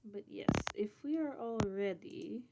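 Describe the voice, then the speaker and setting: A woman running a tabletop game as game master, easygoing and quick to laugh. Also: mid-range voice, creaky, heavy background noise. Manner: giggly, easygoing.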